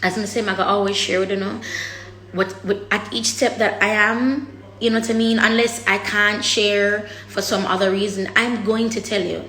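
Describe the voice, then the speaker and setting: Woman vlogging straight to camera, blunt and raw, cusses a lot, medium pitch, roomy echo. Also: steady tone, moderate pace, a bit bright. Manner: blunt and raw, swears freely, heavy with her words. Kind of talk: candid personal vlog talk.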